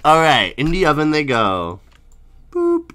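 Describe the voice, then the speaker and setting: A woman voicing a calm, callous cook who speaks in a low, flat, unbothered way. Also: unhurried, heavily acted. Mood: deadpan. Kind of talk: voicing characters while playing a game.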